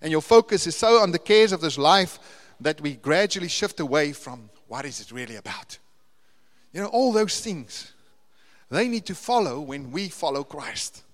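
Higher-voiced pastor preaching. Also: male voice, very animated, moderate pace. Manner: conversational preaching, building to emphatic repeated lists. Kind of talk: sermon. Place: church. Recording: long reverb of a church hall.

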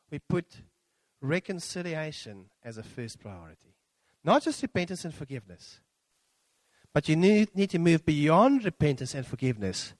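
A middle-aged man preaching a sermon, animated and acting out quotes with big swings in pitch. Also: no room sound.

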